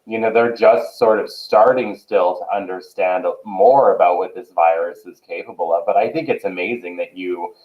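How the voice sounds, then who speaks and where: A man's voice: low voice, normal speed, few pauses, darkish tone. A man co-hosting a casual chat, agreeable and full of fillers, heard over a tinny line. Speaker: co-host. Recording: tinny phone-like line in an echoey room.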